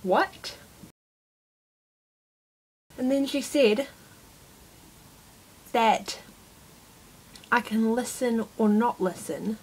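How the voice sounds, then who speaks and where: A woman's voice: a little high, extremely slow, pauses often, a little mellow, slightly rough, rough recording. A woman vlogger telling a rambling, exasperated storytime about her day, self-mocking as she goes. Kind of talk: casual storytime monologue.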